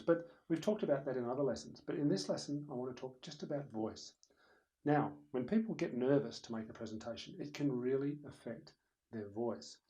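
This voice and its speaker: A man's voice: mid-range voice, poor audio. A man giving a conversational lesson on presentation skills, talking directly to the viewer and to someone in the room. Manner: conversational, animated, demonstrates loud and soft voices. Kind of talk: recorded lecture. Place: room with a camera operator.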